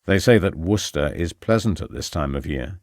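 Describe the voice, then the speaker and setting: A man voicing a shadowy male conspirator who speaks in short, clipped, quiet lines. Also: a bass voice, expressive, normal speed, dry recording, clean studio sound, pitched below the performer's own voice. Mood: cold, curt. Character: shadowy man who takes a secret commission, cold and curt.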